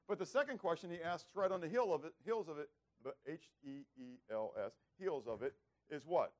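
A man's voice: a little high, animated, normal speed. A man preaching a bible lesson, asking rhetorical questions and acting out characters. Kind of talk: bible teaching sermon.

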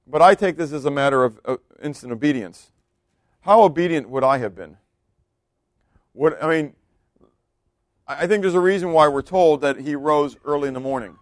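Animated Southern man preaching a sermon. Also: on the high side, dry recording, studio quality. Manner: animated, acts out voices of biblical figures; folksy asides to the congregation. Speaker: pastor.

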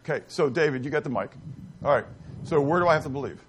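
An animated male pastor delivers a sermon in a somewhat high voice with a very lively pitch. He keeps asking his congregation questions. He swings from punchy emphasis to near-whispered asides. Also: fast, slight background noise. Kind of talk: interactive sermon.

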